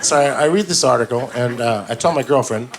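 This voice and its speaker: A man's voice: mid-range voice, fairly quick. A man doing a stand-up comedy set, crude and rambling, acting out other people's lines. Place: comedy club stage. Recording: live club set with loud crowd laughter and noise.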